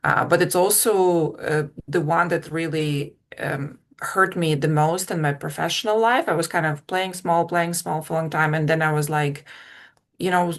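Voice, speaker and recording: A woman's voice: low voice, steady tone, normal speed. A woman taking part in a workshop, asking a rambling question with many fillers. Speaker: workshop participant. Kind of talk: casual question on a video call.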